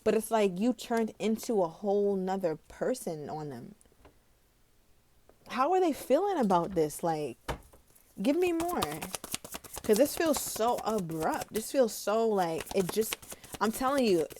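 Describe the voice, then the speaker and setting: A woman giving a casual, animated tarot reading, chatty and dramatic, laughing often. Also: medium pitch, unhurried, a little hiss or hum. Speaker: tarot reader.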